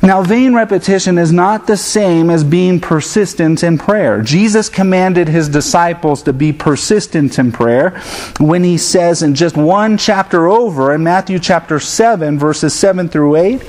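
A man in his thirties preaches with a slightly higher-than-usual voice. His delivery is earnest and direct. He drops into playful impressions of his children to illustrate his points. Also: measured pace, a little mellow. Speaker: pastor. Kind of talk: sermon.

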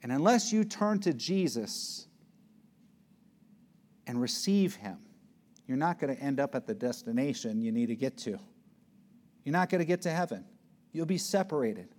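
A man preaching an expository sermon, reading scripture slowly and pressing his points with emphasis. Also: expressive. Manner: emphatic, swings between loud peaks and low hushed words; reads scripture aloud slowly and deliberately.

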